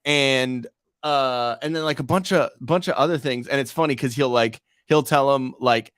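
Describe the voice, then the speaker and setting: A man's voice: medium pitch, normal speed, a bit bright, no room sound, clean studio sound. A man co-hosting a podcast in loose, rambling chat, swearing freely and leaning on fillers. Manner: profane, rambling, many fillers. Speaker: podcast co-host.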